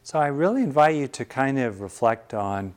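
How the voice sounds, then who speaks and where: A man, a meditation teacher, giving a relaxed, conversational Buddhist dharma talk with wry humorous asides. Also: mid-range voice, normal speed, smooth.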